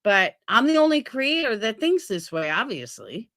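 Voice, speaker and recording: A woman's voice: a little high, big pitch swings, normal speed, a bit bright, no room sound, clean studio sound. A woman hosting a livestream, talking bluntly and profanely in casual commentary and asking her viewers rhetorical questions. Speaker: livestream host.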